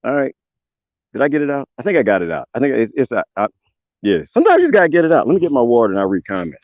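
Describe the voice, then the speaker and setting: A man, ranting loudly in a casual livestream with folksy swearing. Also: medium pitch, racing, dry recording. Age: 20s. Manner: loud, animated, swearing, folksy drawl. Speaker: livestream host. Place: outdoors on a homestead. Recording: dull lo-fi dry sound.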